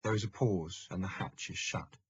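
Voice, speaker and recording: A man gives steady, measured audiobook narration of a historical novel. His voice is deep and very husky. The recording is slightly dull and lo-fi. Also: no room sound.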